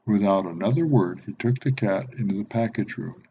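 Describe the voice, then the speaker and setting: Guy reading a kids storybook, gentle and expressive, low mellow voice, bit dull recording with faint hiss. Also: fairly quick, vocal fry. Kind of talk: children's picture book read-aloud.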